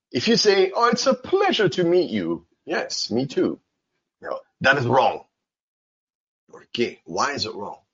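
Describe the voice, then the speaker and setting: A male English teacher talks in a casual, playful way and acts out short exchanges in silly voices. His pitch leaps widely, his voice is a little husky, and the recording sounds slightly dull and lo-fi. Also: fairly bright tone. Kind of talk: casual spoken English lesson.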